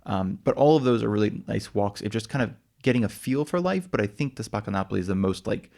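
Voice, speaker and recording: A man's voice: lowish voice, expressive, fast talker, gravelly, darkish tone. An American man co-hosting a casual travel podcast, rambling with lots of fillers and restarts. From United States. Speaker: podcast co-host.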